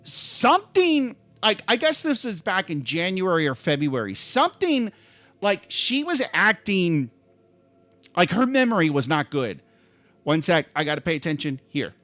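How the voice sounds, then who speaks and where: A man hosting a live stream, telling a story in an animated, exasperated way, swinging from calm to yelling. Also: high-pitched, a little slow, no room sound, soft background music.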